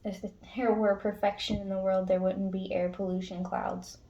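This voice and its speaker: A woman with a low, gravelly, mellow voice talks straight to her viewers as a tarot reader. Her delivery is casual and heartfelt, blunt and earnest, with the odd swear word. Her pitch stays flat and even. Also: moderate pace, lo-fi sound. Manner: frank, emotional, swears casually. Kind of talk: casual spiritual pep talk to viewers.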